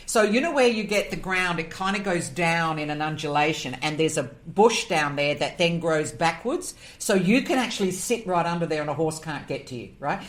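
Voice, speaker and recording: A woman, a podcast guest, telling a personal story in an animated, emotional way and acting out the voices in it. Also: deep voice, normal speed. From Australia. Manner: emotional, moved near tears.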